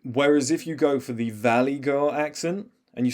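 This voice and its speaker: A man's voice: mid-range voice, fairly even intonation, fairly quick, few pauses, darkish tone. A man commenting on video clips as a body language coach, talking emphatically and acting out examples to his viewers.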